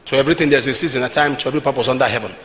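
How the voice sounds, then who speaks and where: A man with a Nigerian accent preaching a sermon, telling stories animatedly with bursts of shouting. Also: medium pitch, rapid-fire, a little hiss or hum. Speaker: apostle, preacher.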